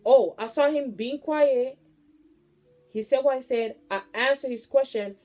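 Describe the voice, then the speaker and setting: A young woman near twenty, pitched a bit high, talks straight to her audience in a casual venting monologue. She rants bluntly and swears freely, keeping her delivery loose and animated throughout. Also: unhurried, faint music behind. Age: late teens. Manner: blunt, profane, animated ranting. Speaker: vlogger.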